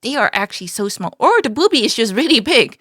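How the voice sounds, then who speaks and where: A woman's voice: fairly high pitch, sing-song, quick pace, fairly bright tone, slightly rough, no echo, studio quality. A woman streamer chatting casually as she reacts to a video, giggling, exclaiming and apologizing often.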